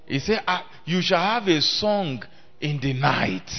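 Male preacher, fairly high voice, declaims loudly and then drops low, draws call-and-response from the congregation, muffled lo-fi recording. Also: lively intonation, takes it slowly, creaky. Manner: emphatic, swings between loud declaiming and low talk. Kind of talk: sermon. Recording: dull lo-fi sermon recording.

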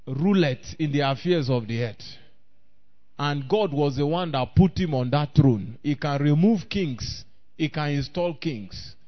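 A man preaching a sermon, reading old-scripture and rising to shouts. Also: high-pitched. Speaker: pastor. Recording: dull lo-fi recording.

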